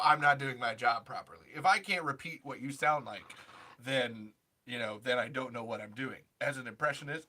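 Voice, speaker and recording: On a podcast, a male comedian and impressionist with a medium-pitched, sharp voice chats casually. He rambles and runs himself down, restarting often.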